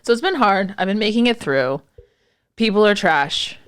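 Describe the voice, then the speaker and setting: A woman's voice: mid-range voice, normal speed, smooth. A young woman co-hosting a podcast, casually telling a story, acting out quotes and swearing freely. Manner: animated storytelling, acts out quotes, frequent swearing. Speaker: podcast co-host. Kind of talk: casual chat.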